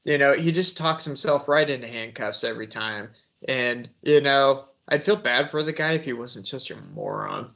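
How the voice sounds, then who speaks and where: A man's voice: medium pitch, moderate pace, creaky, few pauses, fairly bright tone. A man hosting a casual true-crime commentary, scornful and laughing as he talks about the subject.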